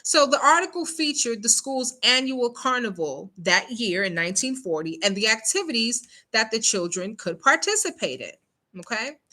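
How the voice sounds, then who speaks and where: A woman's voice: on the high side, expressive, moderate pace, sharp tone. A woman hosting a casual news commentary show, talking emphatically and checking in with "okay?" after her points. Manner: emphatic, rhetorical questions, frequent "okay?" check-ins. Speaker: show host.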